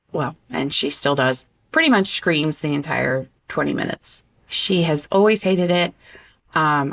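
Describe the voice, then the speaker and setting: A woman guest in a casual interview conversation who talks with animated expression and often stops on an um. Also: on the low side. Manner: animated and expressive, breaks into laughter; hesitant with frequent ums.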